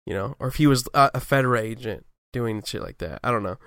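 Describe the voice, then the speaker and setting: A man with a smooth, resonant voice works through his thoughts on a show's themes, hedging and restarting as he goes. The delivery is casual and conversational. The recording is dry and close, with no room sound. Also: mid-range voice, fast, a bit bright, no room sound. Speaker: podcast co-host. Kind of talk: casual analysis chat.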